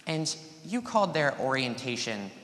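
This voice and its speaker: Speaking at normal speed with a medium-pitched, very animated and slightly bright voice, a teen boy grills a witness in a mock trial. He presses with leading questions and interrupts for yes-or-no answers, all in an echoey space with long reverb.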